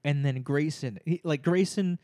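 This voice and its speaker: A man's voice: on the high side, moderate pace, mellow, dry recording, studio quality. A young man telling a story in casual chat among friends, laughing often and acting out the people he quotes.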